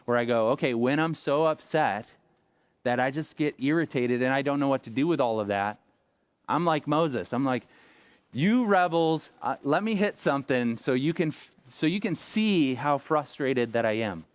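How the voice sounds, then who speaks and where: A man's voice: mid-range voice, expressive, normal speed, no echo. Man in his thirties preaching, dry sound. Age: 30s. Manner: conversational preaching, acting out quoted lines. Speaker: pastor. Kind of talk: sermon. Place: church sanctuary.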